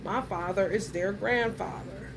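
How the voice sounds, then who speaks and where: A woman's voice: mid-range voice, a little slow, noisy background. A woman giving a casual monologue to her viewers, telling a story bluntly and heatedly, with plenty of profanity. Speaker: vlogger.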